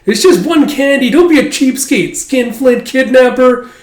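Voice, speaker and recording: A man's voice: extremely high pitch, lively intonation, measured pace, darkish tone, roomy sound, voice pushed up. A man voicing a little boy who whines and begs his father over and over. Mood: pleading, whiny. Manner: pleading, nagging repetition.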